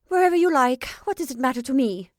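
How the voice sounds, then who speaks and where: A woman's voice: high-pitched, very animated, normal speed, no echo, clean studio sound, pitched above the performer's own voice. A woman voicing a scornful young Italian woman. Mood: disdainful. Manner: curt, disdainful. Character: haughty young Italian woman, sullen and contemptuous.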